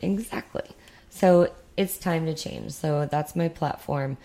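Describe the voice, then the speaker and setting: A woman's voice: deep voice, takes it slowly, dark tone. A young woman from the United States co-hosting a podcast in casual, rambling chat with sarcastic asides. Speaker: podcast co-host.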